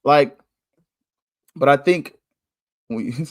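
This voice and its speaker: A man hosting a podcast, talking candidly in a casual monologue, chatty and quick to laugh. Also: medium pitch, dry recording, clean studio sound. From United States. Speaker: podcast host.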